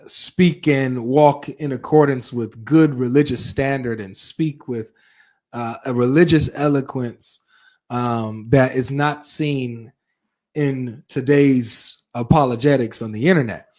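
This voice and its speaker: A man hosting a live reaction stream, reading chat and talking straight to his viewers in an animated way. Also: medium pitch, takes it slowly. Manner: animated, talks straight to viewers with frequent asides.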